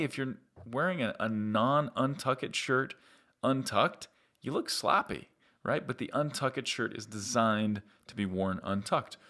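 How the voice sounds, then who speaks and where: A man's voice: mid-range voice, a bit bright. Upbeat man explaining marketing tips. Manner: upbeat, conversational, direct to viewer. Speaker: marketing agency host.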